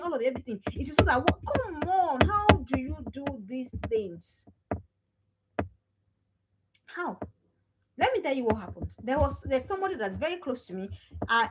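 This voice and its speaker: A middle-aged woman lectures parents in a high, lively voice. She repeats herself for emphasis and scolds as she exhorts. Heavy background noise runs under the recording. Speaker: parenting coach. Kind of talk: motivational talk to parents.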